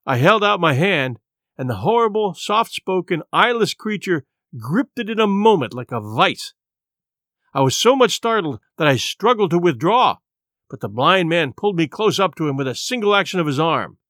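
A male audiobook narrator reads a classic adventure tale as scripted narration, his delivery expressive and measured. His voice is fairly high with animated pitch movement, and the recording is dry and close to the mic.

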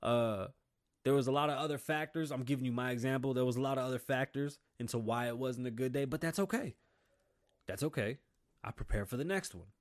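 A middle-aged man with a brisk, mid-range voice hosts his own show. He gives a casual, blunt motivational talk and swears freely.

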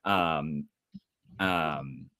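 A man's voice: a bass voice, very slow, bright, forceful tone, no echo, studio quality. A young man from Indiana co-hosting a podcast, ranting angrily and swearing. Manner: heated, swearing rant. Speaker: podcast co-host. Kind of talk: casual podcast chat.

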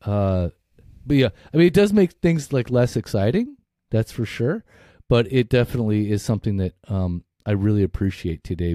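A man's voice: lowish voice, dark tone, no echo, studio quality. A middle-aged man co-hosting a podcast in casual, rambling chat, swearing freely and laughing often. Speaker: podcast co-host.

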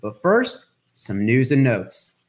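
Man, podcast host, upbeat, jokey, middle pitch. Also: sing-song. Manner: upbeat, jokey, quick reads of segment intros. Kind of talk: casual podcast hosting.

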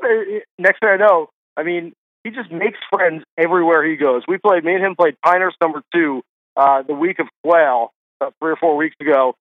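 High-voiced man on a tinny phone line. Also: no echo. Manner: chatty storyteller, quick restarts. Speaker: golf writer guest. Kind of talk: casual podcast interview chat.

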